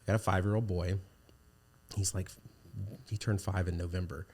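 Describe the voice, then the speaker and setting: Deep-voiced man chatting casually. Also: steady tone, normal speed, a little mellow, husky. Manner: rambling, with many restarts and fillers. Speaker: podcast guest. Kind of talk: casual conversation.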